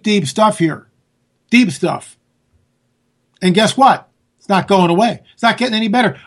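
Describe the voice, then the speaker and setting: A man's voice: high voice, fairly bright tone. A man hosting a political talk radio show, ranting and sarcastic, talking straight to his listeners. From California.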